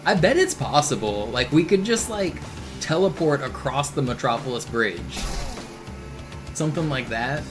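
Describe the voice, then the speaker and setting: Guy speedrunning on stream, rambly and thinking out loud, game music loud behind him. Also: mid-range voice, animated, normal speed. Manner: rambling, thinking aloud, chatting with viewers. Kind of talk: casual live-stream commentary. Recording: voice over game audio with music.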